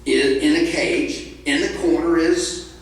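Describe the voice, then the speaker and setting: A man's voice: on the high side, fairly even intonation, slow pace. A man telling a story live to a family audience, playful, with sound effects and questions to the listeners. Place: event hall with live audience. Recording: echoey hall, distant mic.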